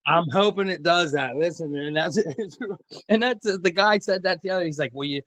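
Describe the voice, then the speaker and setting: A man telling a wild story in casual chat, excitable and profane. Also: high-pitched, normal speed. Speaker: podcast guest.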